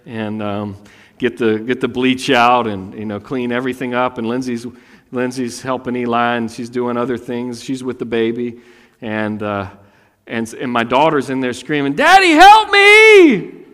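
A man in his thirties preaching a sermon, casual and animated, often jumping into high, loud voices to act out the people in his stories. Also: moderate pace, in a large hall. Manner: animated, acts out voices with sudden high pitch. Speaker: pastor.

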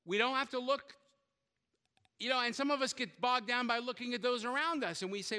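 High, bright preacher man in a big hall. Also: fairly quick, clean tone. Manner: lively storytelling, acting out quotes, joking with the congregation. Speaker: pastor. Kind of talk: sermon.

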